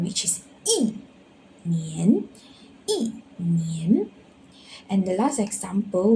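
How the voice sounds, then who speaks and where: A woman's voice: medium pitch, mellow, a little hiss or hum, low-quality recording. A woman teaching Chinese pronunciation, patiently saying each word twice and leading read-along drills.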